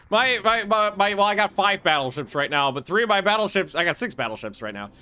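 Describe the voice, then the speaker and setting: Excitable, swearing man commenting on a game. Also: high-pitched, a little fast, few pauses, clean tone. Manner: excitable, swears freely, thinks aloud with restarts. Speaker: gaming video host. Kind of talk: casual strategy game commentary.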